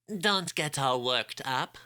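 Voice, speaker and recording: A man's voice: wildly swooping pitch, extremely slow, creaky, bright, forceful tone, dry recording, heavily acted. A man voicing a small, nauseating male mad doctor with a nasal, fussy voice. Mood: soothing. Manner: shrill, peevish, fussy.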